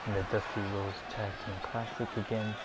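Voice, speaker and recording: A man's voice: on the low side, flat delivery, normal speed, lightly acted. An actor playing a male wrestling announcer calling moves in a video game. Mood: plain. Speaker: wrestling commentator. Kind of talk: scripted play-by-play commentary. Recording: loud arena crowd and game noise.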